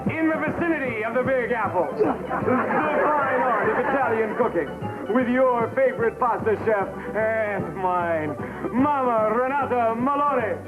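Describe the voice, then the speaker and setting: A man's voice: very high-pitched, measured pace, over loud music, over a noisy crowd. An actor playing a bored man who announces a home cooking show, tinny old broadcast sound. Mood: grand. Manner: bored, then grandly theatrical.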